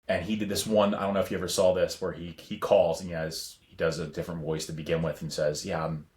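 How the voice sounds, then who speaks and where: A man's voice: low-pitched, little pitch movement, fast talker, a little mellow. A man in his thirties co-hosting a podcast, telling rambling stories in casual chat and laughing often. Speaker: podcast co-host.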